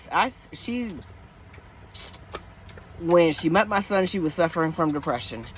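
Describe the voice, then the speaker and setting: A middle-aged woman venting frankly in a casual, rambling chat to camera, lying down inside her parked truck. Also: a little hiss or hum. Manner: rambling, frank, with frequent restarts and swings in pitch. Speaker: vlogger living in her truck.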